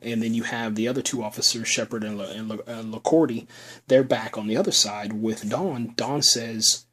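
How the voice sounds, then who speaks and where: A man's voice: fairly low pitch, fairly even intonation, moderate pace, fairly bright tone, slightly rough. A man casually recapping a TV episode for his viewers, loose and rambling with plenty of fillers. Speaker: show recap reviewer.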